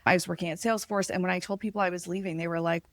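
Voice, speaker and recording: A woman hosts a podcast interview in a relaxed, chatty way, filling her speech with "like" and often affirming what her guest says. Her voice is slightly low, and the recording is dry and close. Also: very fast, dry recording. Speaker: podcast host. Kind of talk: casual interview conversation.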